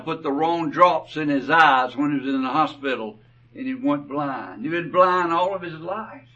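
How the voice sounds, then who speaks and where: A man preaching a sermon, telling stories slowly and deliberately, his phrases often trailing off softly. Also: a little high. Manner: slow, deliberate storytelling with soft trailing phrases. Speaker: pastor. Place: church. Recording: dull, distant church recording.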